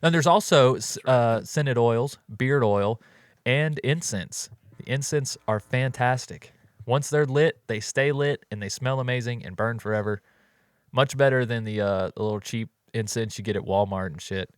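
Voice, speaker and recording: A man's voice: mid-range voice, moderate pace, clean tone, dry recording, studio quality. A man co-hosting a podcast, chatting in a laid-back way and reading an ad. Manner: laid-back, chatty, says "you know" a lot. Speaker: podcast co-host. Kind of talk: casual chat with ad read.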